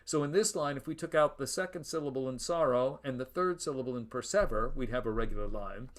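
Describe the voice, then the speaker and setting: A man's voice: mid-range voice, quick pace. A middle-aged man giving a classroom lecture, explaining step by step with emphasis and tapping out rhythms aloud. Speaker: university lecturer.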